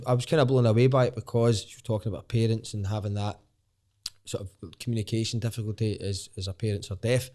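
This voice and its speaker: A man's voice: mid-range voice, mellow. A man with a Glaswegian accent, a stand-up comedian guesting on a podcast and telling his story candidly, rambling and restarting sentences and swearing casually. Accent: Scottish, Glaswegian.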